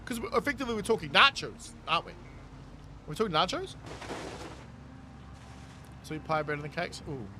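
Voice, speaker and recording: A man's voice: on the high side, very animated, moderate pace, long pauses, background noise. A man streaming a game, casually reading chat aloud and riffing on it with frequent laughs. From New Zealand. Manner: reads chat aloud and riffs on it, laughing often. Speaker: gaming streamer.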